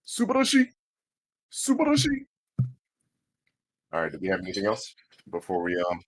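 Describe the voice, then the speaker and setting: A man's voice: low-pitched, breathy edge, no room sound. A man streaming, chatting casually, swearing freely and sounding out foreign words syllable by syllable. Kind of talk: casual livestream chat.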